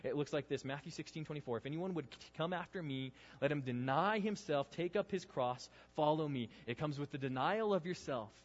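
A man preaching a sermon, earnest, swinging between loud emphasis and hushed intensity. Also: a little high, brisk, hardly any pauses. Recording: dull sound with long reverb in a hall.

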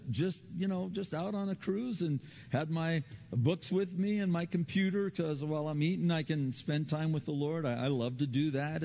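A middle-aged man preaching a sermon as pastor. He tells stories earnestly, repeats his key phrases, and his pitch climbs when he gets animated. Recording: slightly dull recording with faint background noise.

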